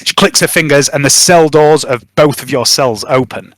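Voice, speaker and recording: A man narrates as game master in a relaxed, casual way, his voice a little high and bright. The sound is dry and close. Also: moderate pace, no echo.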